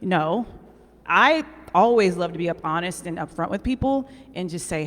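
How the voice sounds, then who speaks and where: A woman's voice: fairly low pitch, animated, moderate pace. Blunt woman panelist in echoey hall. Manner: blunt and emphatic, laughs often. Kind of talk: live panel discussion.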